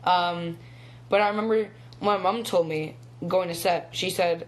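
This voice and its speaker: With slight background noise, this teen actor's high-pitched male voice keeps fairly even intonation at a measured pace. He's chatting casually on a phone live stream, rambling with lots of ums and small laughs.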